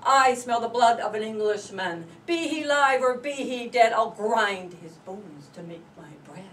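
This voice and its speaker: Casting: woman playing a huge bellowing giant, menacing chant, loud and heavy, distant mic. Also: fairly high pitch, expressive, a little slow. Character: huge booming man-eating male giant. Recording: distant mic, faint room noise.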